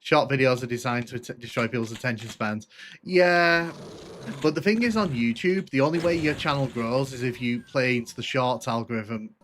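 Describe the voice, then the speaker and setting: A man chatting loosely through a live gameplay stream, his voice of ordinary middle pitch. He talks in halting bursts full of fillers and restarts as he answers viewers. A faint hum sits behind him. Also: a bit bright. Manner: rambling, hesitant, many restarts and fillers. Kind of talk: casual live gameplay commentary.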